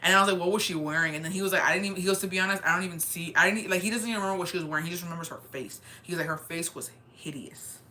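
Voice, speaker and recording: A young woman casually telling a scary story, animated and slangy, swearing and slipping into Spanish now and then. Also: fairly low pitch, rapid-fire, few pauses, a little hiss or hum. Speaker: storyteller vlogger.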